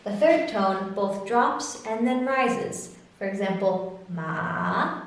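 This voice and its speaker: Slow, careful female teacher. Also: on the high side, heavy reverb, far from the mic. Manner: slow, careful, demonstrates sounds. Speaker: language teacher. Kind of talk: slow instructional explanation.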